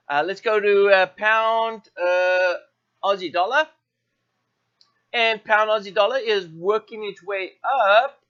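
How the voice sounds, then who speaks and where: High-voiced guy running a live trading stream, bright tone, lots of uhs and oops-sorry fixes, kinda dull lo-fi sound. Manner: thinks aloud with many fillers and self-corrections. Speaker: forex trading show host. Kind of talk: live market walkthrough.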